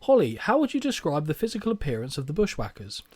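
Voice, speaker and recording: A man hosting a recap podcast, his pitch sitting a little high and bouncing all over as he cracks sarcastic asides. The sound is dry and close. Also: wildly swooping pitch, fast talker, a little mellow, no room sound. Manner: wry, sarcastic narration with jokes. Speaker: podcast host. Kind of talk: comedic recap podcast chat.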